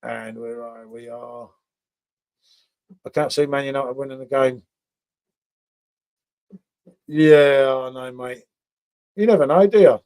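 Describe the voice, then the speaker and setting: A man's voice: medium pitch, slow, gravelly, pauses often, a little mellow. A man hosting a casual beer review livestream, chatting with viewers by name and tagging questions onto his sentences. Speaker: beer review channel host.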